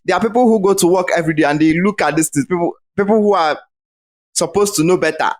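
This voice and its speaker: A man's voice: high voice, quick pace. Heated Nigerian man ranting. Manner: ranting, heated, swears freely. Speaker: guest. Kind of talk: casual podcast chat. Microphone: remote call.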